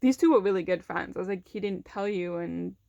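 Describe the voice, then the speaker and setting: A woman's voice: lowish voice, brisk, creaky, dark tone, no echo, dull audio. A young woman casually telling a personal story, with lots of fillers, who brings in the other people's lines by acting them out. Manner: conversational, many fillers, acts out quoted voices.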